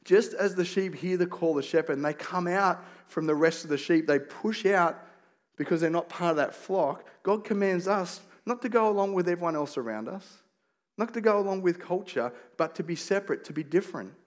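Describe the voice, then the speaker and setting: Conversational pastor preaching, fairly high-voiced man. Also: a little fast. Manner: conversational, storytelling with folksy asides and rhetorical questions. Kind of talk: sermon.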